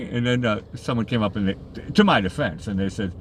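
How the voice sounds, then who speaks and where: A man's voice: lowish voice, fairly quick, few pauses, slight background noise. A man co-hosting a casual live stream from a beach jetty, joking and giggling easily. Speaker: livestream co-host.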